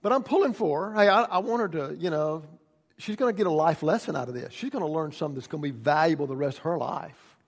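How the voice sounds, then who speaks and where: A male pastor delivers a sermon with a gravelly, slightly raised voice. He moves between quiet, conversational storytelling and loud, pleading climaxes. His words ring out in a hall with a long reverb. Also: on the high side, fast talker. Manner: builds from quiet teaching to shouted pleading.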